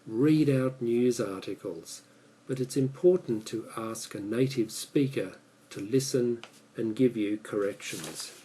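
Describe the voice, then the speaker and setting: Aussie guy teaching english, really slow and careful, warm low voice. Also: low-quality recording. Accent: Australian. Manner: measured, deliberate delivery. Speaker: English speaking coach. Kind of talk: prepared speech.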